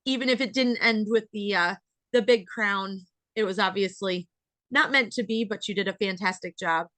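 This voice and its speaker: A young adult American woman who works as a dairy farmer hosts a casual interview podcast, rambling and using lots of fillers. Her mid-range voice is a bit bright and moves at normal speed, and the recording is dry.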